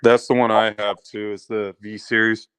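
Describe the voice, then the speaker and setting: Smooth-voiced man chatting casually. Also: on the low side, little pitch movement, normal speed, fairly bright tone. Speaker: live stream guest. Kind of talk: casual chat.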